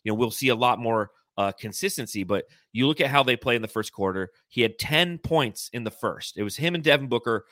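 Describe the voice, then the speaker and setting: Bright-voiced man breaking down basketball stats. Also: medium pitch, brisk, hardly any pauses, no room sound, clean studio sound. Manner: chatty, stat-heavy, animated breakdowns. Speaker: podcast co-host. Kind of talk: casual sports podcast analysis.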